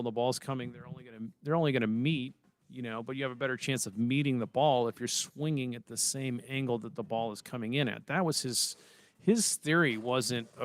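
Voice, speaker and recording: In a dry recording, a man with a mid-range voice co-hosts a podcast. He's rambling and easygoing as he chats about baseball and movies, with casual swearing.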